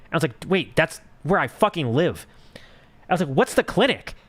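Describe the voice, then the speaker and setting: High, lively young man streaming. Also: normal speed. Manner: rambling, filler-heavy storytelling with swearing. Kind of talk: casual live-stream chat.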